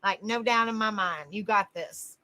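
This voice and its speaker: A woman's voice: medium pitch, normal speed, pushed and bright. A woman hosting a casual livestream, greeting viewers by name and calling them honey. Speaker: livestream host.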